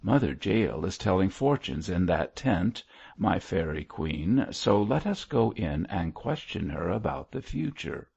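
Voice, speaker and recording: A man voicing a lively, teasing young army captain in an audiobook, talking in a playful bantering way. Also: sits low, unhurried, gravelly, slightly rough, highs cut off, full character voice.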